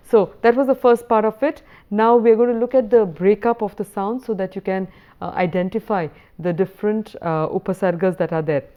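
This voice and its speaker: A woman lecturer giving a recorded university lesson, explaining patiently and reading verse slowly. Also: medium pitch, steady tone, muffled recording.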